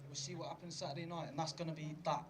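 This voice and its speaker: Fast-talking, determined male boxer. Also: on the high side, little pitch movement, background noise. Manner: blunt and determined. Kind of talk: post-weigh-in interview.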